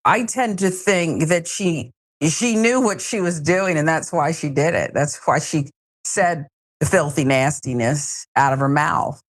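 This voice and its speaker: A woman's voice: sits low, unhurried. A woman hosting a news talk show, giving wry, sarcastic commentary.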